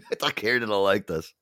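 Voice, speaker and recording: An American man hosting a casual talk show, slightly hoarse, animated and laughing often. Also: fairly low pitch, no room sound, clean studio sound. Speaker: host.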